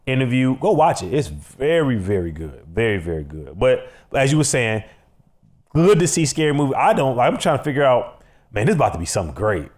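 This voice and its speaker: A man's voice: medium pitch, big pitch swings, fairly quick, a little mellow. A man with a Chicago accent co-hosting a casual comedy podcast, joking and laughing through playful banter. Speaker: podcast co-host.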